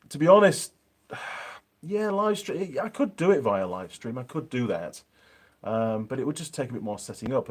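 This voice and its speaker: A man with a Yorkshire accent chatting casually on a live stream from his home workshop, reading out viewer comments with plenty of ums. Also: lowish voice.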